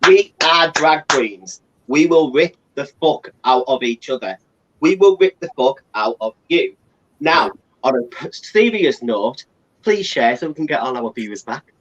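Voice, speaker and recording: A man's voice: medium pitch, animated, measured pace, fairly bright tone, muffled recording. A man co-hosting a live stream as a drag queen, brash, sweary and playful. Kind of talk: casual live-stream banter.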